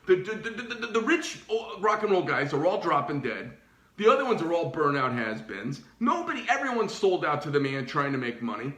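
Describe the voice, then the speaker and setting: A man's voice: on the high side, fairly quick, reverberant. A middle-aged man, a knife shop owner, ranting casually with lots of profanity and restarts. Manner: profane, animated, rambling with restarts. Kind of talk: casual rant.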